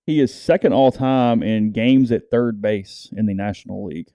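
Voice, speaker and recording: Low-voiced Southern man telling sports stories. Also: normal speed, mellow, no room sound. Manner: rambling storyteller, acts out quotes. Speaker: podcast co-host. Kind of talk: casual sports chat.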